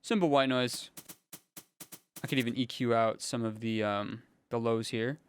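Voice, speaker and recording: A young man, a music producer, casually thinking aloud in a relaxed, slangy way as he builds a track in his home studio. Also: medium pitch, a little slow, a little hiss or hum. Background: faint synth music playing.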